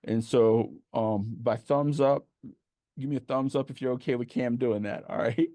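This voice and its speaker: A passionate man speaking to an online audience over a video call, telling stories with rising energy. His voice is warm and mellow, and the sound is dry and close. He stacks his points into emphatic lists and laughs as he talks. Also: medium pitch, fairly even intonation, normal speed, no room sound. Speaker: motivational speaker at an online event. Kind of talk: energetic storytelling talk.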